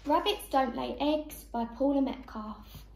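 A woman teacher reading a picture book aloud to young children, slow and expressive. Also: high voice, creaky, echoey room, slight background noise.

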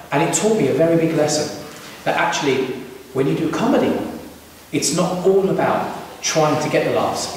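A man's voice: fairly high pitch, a little hiss or hum. Chatty man telling stories in a hall. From Britain. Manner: chatty, asks the audience questions. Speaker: entertainer speaking to young people. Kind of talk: storytelling talk to a live audience. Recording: echoey hall from far off.

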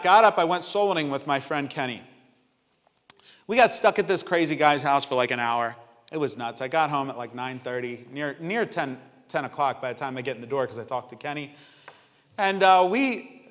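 A man preaching a sermon, telling a personal story in an animated way and acting out the people in it. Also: on the high side, big-room sound. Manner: animated storytelling, voices quoted people, exclaims. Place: church sanctuary.

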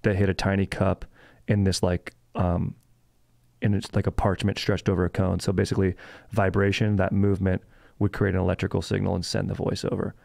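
A man's voice: low-pitched, completely flat delivery, brisk, vocal fry, darkish tone, dry recording, studio quality. A young adult man hosting a comedy podcast, rambling casually with fillers and swearing. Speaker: podcast host.

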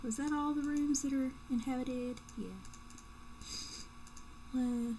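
A woman's voice: sits high, steady tone, takes it slowly, noisy background. A young woman playing a video game and commenting casually, joking and swearing as she talks to herself. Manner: joking, profane, talking to herself. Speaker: let's play gamer.

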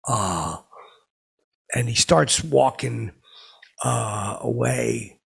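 A man's voice: medium pitch, vocal fry, husky, exaggerated voice. A man playing a boastful, clueless middle-aged guy who rambles and stalls with fillers, calling himself by name in the third person. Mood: rambling. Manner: rambling, halting, full of fillers and "blah, blah". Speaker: podcast host. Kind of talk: improvised comedic character monologue.

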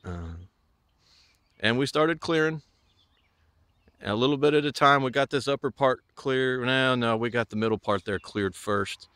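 A man's voice: medium pitch, unhurried, pauses often, a bit bright, smooth, dry recording. A middle-aged man from the American South giving a rambling, casual walking tour of his homestead outdoors, with many fillers and restarts. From Southern United States. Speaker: homesteader vlogger.

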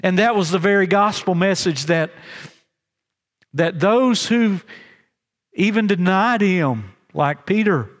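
A man delivers a sermon in a fairly high voice, earnest and halting, often restarting his phrases and slowing down to stress key lines. The sound carries the long reverb of a chapel. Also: expressive. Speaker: pastor.

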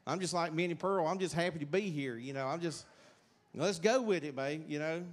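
A man's voice: a little high, a little fast. A middle-aged man with a Southern accent, giving a rambling, folksy testimony in church. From South Carolina, USA. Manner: rambling, folksy, many fillers and restarts. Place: church sanctuary.

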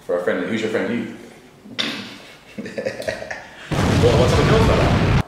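A man's voice: lowish voice, wildly swooping pitch, unhurried, distant mic. A young man, chatting casually and teasing, laughing often. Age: young adult. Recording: very echoey room, faint noise.

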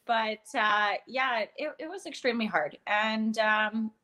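Candid soft-spoken woman with many fillers. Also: a little high, a little slow, noisy background. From Canada. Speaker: guest, curler. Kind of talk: casual interview chat.

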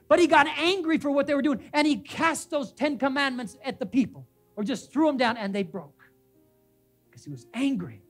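Faint music plays behind a preacher whose very high voice is expressive and moderately paced. Standing in a church sanctuary, he stresses points by repeating names and phrases and keeps putting questions to his listeners.

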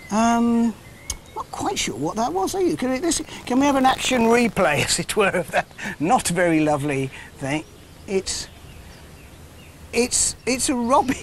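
A man in his sixties from England presenting a live wildlife broadcast in a chatty, jokey, self-deprecating way. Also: high-pitched. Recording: faint outdoor background noise.

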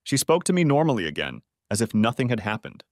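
A man reading a first-person story aloud in a steady, even narration. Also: medium pitch, fast talker, no room sound, studio quality.

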